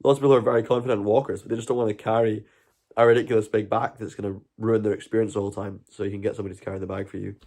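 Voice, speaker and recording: A man's voice: fairly low pitch, flat delivery, rapid-fire, creaky, a little mellow. A Scottish man hosting a live stream, chatting earnestly and rambling to his viewers. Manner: earnest, rambling, talks to chat. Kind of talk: casual live stream chat.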